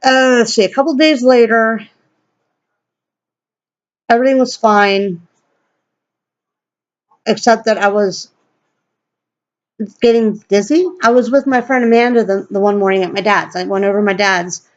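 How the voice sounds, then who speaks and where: A woman telling a story to a camera at home, blunt and profane, acting out quoted lines in a higher voice. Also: fairly even intonation, a little slow, pauses often, lo-fi sound. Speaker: vlogger. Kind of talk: casual storytelling rant.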